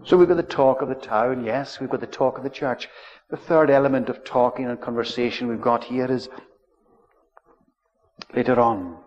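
A man preaching a sermon in a church, measured and solemn, drawing out his key words. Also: medium pitch, steady tone, darkish tone. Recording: dull lo-fi recording, long church reverb.

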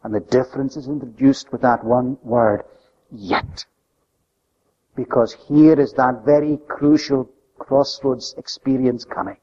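A man preaching a sermon with an emphatic delivery that swings between loud, high stresses and soft, low drops. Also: steady tone, normal speed. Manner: emphatic, rising and falling delivery. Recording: lo-fi recording with long hall reverb.

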